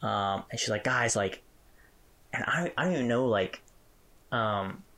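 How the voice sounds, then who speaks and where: A man co-hosting a casual podcast, telling an animated story and chuckling as he goes. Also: on the low side, moderate pace. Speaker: podcast co-host. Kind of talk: casual chat.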